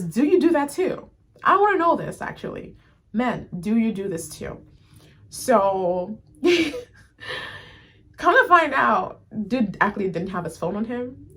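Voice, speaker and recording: A woman with a husky, breathy edge to her voice chats casually to the camera. She is animated and talks straight to her audience as friends, calling them y'all. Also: medium pitch. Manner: animated, addresses viewers as y'all, many fillers. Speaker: YouTube reviewer. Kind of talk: casual review chat to camera.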